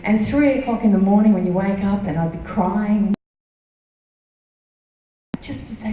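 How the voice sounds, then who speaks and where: A woman's voice: mid-range voice, warm tone, far from the mic, a little hiss or hum. Woman giving testimony in an echoey hall. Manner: halting, many fillers and restarts. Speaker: church member giving testimony. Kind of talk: personal testimony. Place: church hall.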